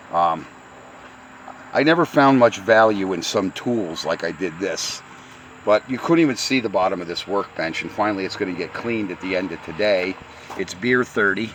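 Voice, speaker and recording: Gruff older man with a slight Pennsylvania Dutch accent. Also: deep voice, a bit bright, a little hiss or hum. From Pocono Mountains, Pennsylvania. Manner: gruff, blunt, profane, repeats words. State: worn out from heat. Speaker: retired truck restorer. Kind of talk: rambling casual workshop vlog. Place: home workshop.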